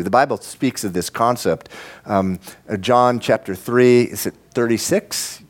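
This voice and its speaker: This is a man preaching in church, his voice medium-pitched and his pace a little slow. Addressing the congregation head-on, he works up to an impassioned, repetitive emphasis.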